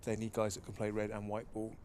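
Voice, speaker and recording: A man giving expert analysis as co-commentator on a live cricket broadcast, measured and thoughtful. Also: on the low side, monotone, darkish tone, slight background noise.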